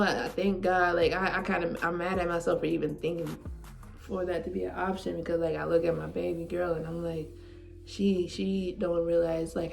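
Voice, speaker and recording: Her voice is on the low side, gravelly and somewhat dark. She's a woman in her twenties vlogging indoors at home, telling a heartfelt personal story in a loose, rambling way with heavy use of "like".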